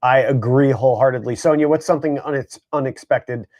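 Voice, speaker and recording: A man's voice: mid-range voice, a little fast, a little mellow. A man co-hosting a casual group chat, talking in an easygoing, rambling way with many fillers. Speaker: co-host.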